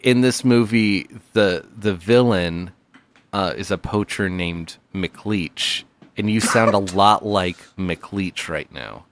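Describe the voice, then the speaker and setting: A man in casual comedic chat with a dry, unhurried manner. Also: deep voice.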